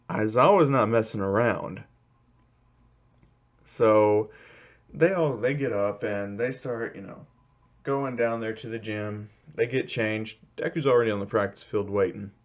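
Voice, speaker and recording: Low, slow-talking man telling a fan story. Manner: rambling, fills gaps with "you know". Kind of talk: casual fan-fiction retelling.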